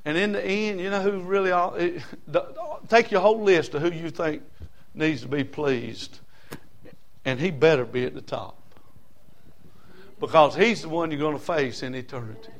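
A man's voice: fairly high pitch, moderate pace. A male pastor, preaching a folksy, humorous, emphatic sermon to a congregation in church.

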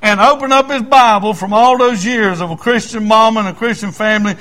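A man's voice: high voice, a little fast, pushed and bright. A male preacher, telling stories in a sermon in a folksy, stammering way. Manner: folksy, stammering restarts, chuckles. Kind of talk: storytelling sermon.

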